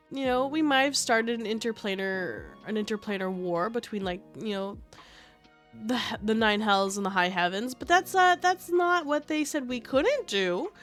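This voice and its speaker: A woman chats casually on stream, rambling and animated through her story with lots of fillers. Her voice sits high, and soft music plays faintly behind her mic.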